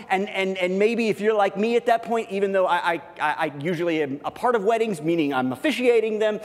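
A man's voice: high voice, brisk, hardly any pauses. A man preaching a casual, conversational sermon as pastor, full of fillers and acted-out bits of everyday dialogue. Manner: informal, heavy on fillers, acts out everyday dialogue. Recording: long hall reverb in a church.

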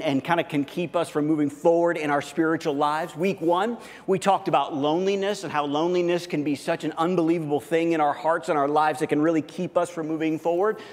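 A male pastor delivering a relaxed, chatty sermon in a large church, his slightly raised voice trailing a long reverb off the walls. He talks informally with lots of little fillers and restarts and slips into playing both sides of everyday conversations. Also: fairly high pitch. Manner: informal, heavy on fillers, acts out everyday dialogue.

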